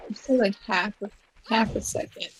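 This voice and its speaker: A woman's voice: mid-range voice, normal speed, a little hiss or hum. A woman commenting on a game playthrough in casual chat, full of jokes and playful banter.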